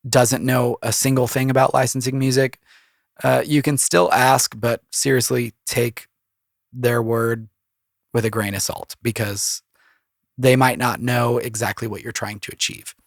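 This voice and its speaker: Suffering from a cold that has deepened his voice, this composer and podcast host rambles through casual advice full of fillers on his solo show. His medium-pitched voice sounds gravelly, captured in studio quality with no room sound.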